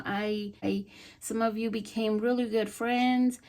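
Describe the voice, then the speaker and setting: A woman giving a casual tarot reading, soft-spoken and halting, with many fillers and repeated words. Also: fairly high pitch. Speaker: tarot reader.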